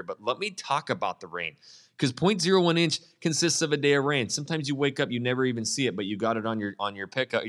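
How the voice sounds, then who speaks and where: A man's voice: mid-range voice, fairly bright tone. A man, a real estate agent, coaching others in a casual live Q&A, blunt and enthusiastic with plenty of slang.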